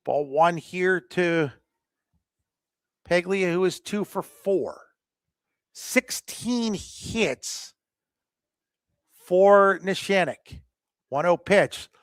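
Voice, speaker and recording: A man doing live softball play-by-play commentary, chatty between pitches and rising in excitement on the plays. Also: very slow, pauses often, no echo, studio quality.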